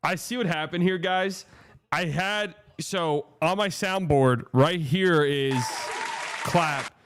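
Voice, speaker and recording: A man's voice: a little high, slow pace, crowd noise, background noise. A young man hosting a live stream watch party, chatting and joking casually with viewers.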